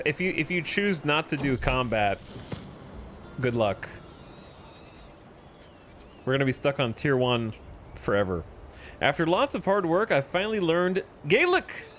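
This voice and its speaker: A man's voice: medium pitch, a little hiss or hum. A man streaming a strategy game, reading its event text aloud and adding wry asides. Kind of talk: casual gameplay commentary.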